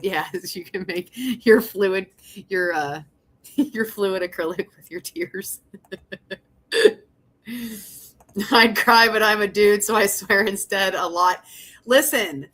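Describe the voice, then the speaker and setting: A woman's voice: mid-range voice, bright, forceful tone. A young woman hosting a casual livestream, chatting with her viewers, laughing often and swearing as she rambles. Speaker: livestream host.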